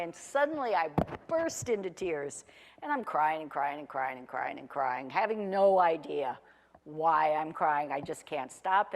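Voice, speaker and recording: A former chef in her forties shares her own story casually, in a voice on the low side with a long reverb tail. She rambles, chats freely, and jokes at her own expense.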